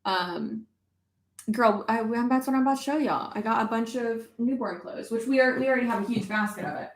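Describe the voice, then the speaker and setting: A woman's voice: a little high, a little fast, echoey room. A young woman chatting casually to viewers on a livestream, with lots of fillers and offhand swearing. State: pregnant. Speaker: YouTuber.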